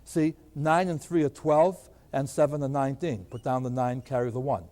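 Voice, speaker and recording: An older man lectures on arithmetic at the board of a lecture room, answering the questions he raises himself. He has a mid-range, dark voice with fairly even intonation and normal speed. Long hall reverb colors the classroom recording.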